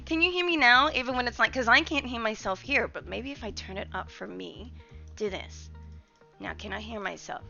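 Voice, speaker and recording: A young woman chats playfully with her stream audience, her voice bright and a touch high. She talks into a desk mic in a room with a little echo, and faint music plays underneath. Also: dull audio. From Australia. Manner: chatty, playful, reading and answering chat. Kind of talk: casual live-stream chat. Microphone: desk mic, testing distances.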